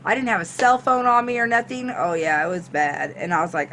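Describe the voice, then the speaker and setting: A woman vlogger telling a storytime tale. She is animated and swears freely, acting out her own reactions as she goes. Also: on the low side, brisk, hardly any pauses, a little hiss or hum. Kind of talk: storytime monologue.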